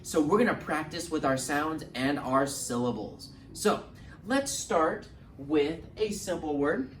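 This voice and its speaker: A children's librarian with a fairly high voice hosts storytime, his pitch swooping up and down as he offers lively encouragement. He speaks slowly for the little ones and sounds a bit distant in a roomy space, with a faint hum underneath.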